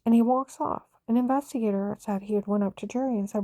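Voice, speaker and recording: A woman's voice: fairly high pitch, steady tone, fairly quick, dark tone, no room sound. An older woman giving an urgent, rambling personal account of her own experiences. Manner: intense, urgent storytelling. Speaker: vlogger telling her own story.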